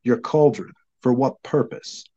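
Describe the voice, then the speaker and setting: A man's voice: medium pitch, measured pace, mellow, highs cut off, lightly acted. A man voicing a stern, confident wizard who speaks in a cold, clipped way, in a storybook reading.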